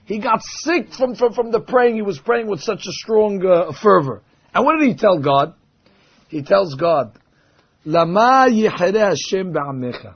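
A man's voice: sits high, lively intonation, moderate pace, breathy edge. A man giving a Torah lesson, telling stories and acting out the voices he quotes with big jumps in tone. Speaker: Torah teacher. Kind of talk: sermon with storytelling. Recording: dull lo-fi recording.

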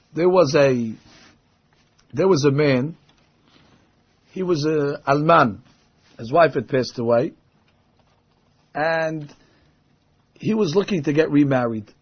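Animated man preaching and storytelling. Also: slightly rough. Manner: animated, acts out quoted voices with big pitch jumps. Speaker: Torah teacher. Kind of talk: sermon with storytelling. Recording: dull lo-fi recording.

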